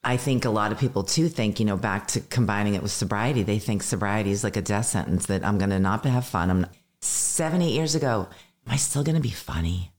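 A woman's voice: extremely low pitch, brisk, darkish tone. A woman in her fifties, a stand-up comedian talking as a guest in a casual interview, telling candid, self-deprecating stories with stammered restarts. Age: 50s.

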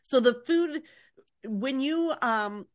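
A woman's voice: high voice, lively intonation, slow pace, no echo, clean studio sound. A woman co-hosting a podcast, chatting casually and asking curious questions. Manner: curious, laughs along. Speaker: podcast co-host. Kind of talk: casual chat.

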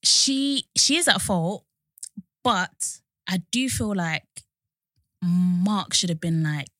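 A woman's voice: fairly low pitch, animated, takes it slowly, a bit bright, no room sound, studio quality. Chatty young woman. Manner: chatty, retells scenes in quoted voices. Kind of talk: casual chat reviewing a reality show.

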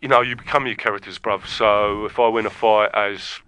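Hardman bloke, low-ish and bright, mumbly slang, a man putting it on. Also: fairly even intonation, moderate pace, clean tone. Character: cocky young male London tough guy. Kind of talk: improvised comedy.

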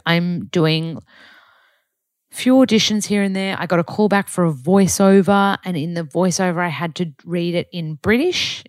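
A woman's voice: low voice, no room sound, clean studio sound. A young Australian woman, a yoga teacher, chatting through a casual diary podcast in an upbeat, rambling way with lots of fillers.

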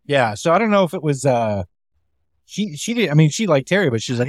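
A man's voice: fairly high pitch, big pitch swings, fairly quick, no echo. A comedian telling casual, rambling club stories, acting out the quoted lines as he goes. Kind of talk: casual storytelling chat.

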